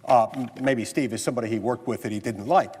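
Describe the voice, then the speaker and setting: Speaking fast on the Senate floor, this American man has a mid-range voice that is a little mellow and slightly rough. He tells a story, imitating others' quoted words, and then argues earnestly and insistently, with the chamber's long reverb around him.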